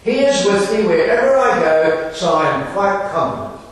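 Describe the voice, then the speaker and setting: A man voicing a determined young woman missionary, speaking earnestly with slow emphasis, recorded from far off in an echoey hall. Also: medium pitch, expressive, natural voice.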